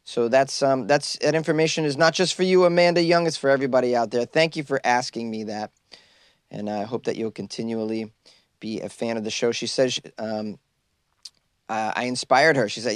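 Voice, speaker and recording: A man's voice: mid-range voice, steady tone, moderate pace, clear, resonant tone, no room sound. Dry-voiced joking podcast host, a man. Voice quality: jokey, riffs and laughs at his own lines. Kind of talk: comedic news podcast. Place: small closet.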